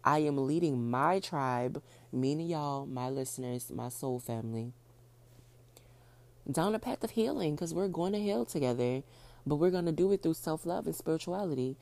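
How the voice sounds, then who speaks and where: A woman hosting her own podcast, talking fast and casually, repeating points for emphasis. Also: sits low, lively intonation, a little mellow. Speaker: podcast host. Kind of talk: casual solo podcast talk.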